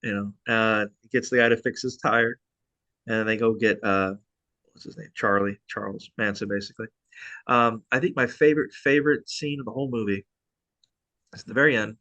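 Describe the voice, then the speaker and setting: A man's voice: fairly low pitch, moderate pace, dry recording, lo-fi sound. A man co-hosting a podcast, chatting casually and retelling movie scenes with lots of laughter. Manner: animated storytelling with laughs. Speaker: podcast co-host. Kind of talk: casual chat.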